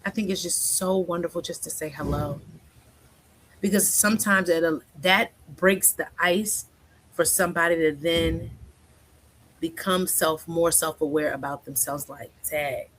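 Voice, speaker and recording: Chatty woman counselor, low-pitched. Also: fairly even intonation, measured pace, a bit bright, slightly rough. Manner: chatty, keeps asking "right?", acts out quoted speech. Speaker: guest counselor. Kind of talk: casual conversational interview.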